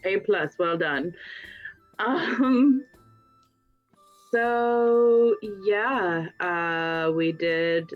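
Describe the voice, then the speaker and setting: A woman recapping a tabletop game session in a casual, rambling way, swearing often and slipping into quick voices for the characters. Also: mid-range voice, lively intonation, phone-quality sound, soft background music. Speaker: player giving a session recap.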